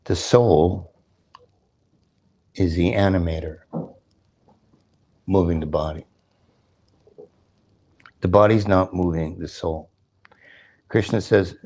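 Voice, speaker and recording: A man's voice: low voice, slow, pauses often, a little mellow, husky. An older man giving a sermon at a temple, explaining scripture, chanting verses and asking his listeners questions, with a joke and a chuckle now and then. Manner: jokes, chuckles between points. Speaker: temple speaker.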